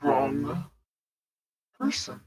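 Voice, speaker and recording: A man's voice: a little high, sing-song, extremely slow, a little mellow, husky, full character voice. A man voicing a furious, fiery-tempered leader on a ship who makes curt, menacing demands. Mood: cold.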